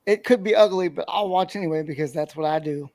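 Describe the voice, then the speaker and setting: A man with a notably high voice talking sports on a podcast. He jokes wryly and in a casual, easy way. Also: fast, vocal fry, darkish tone. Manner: wry, joking. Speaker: podcast guest.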